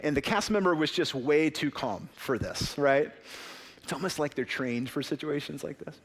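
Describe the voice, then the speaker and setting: A man's voice: on the high side, moderate pace. Conversational man preaching a sermon. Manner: conversational storytelling, frequent "right?" asides. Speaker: pastor.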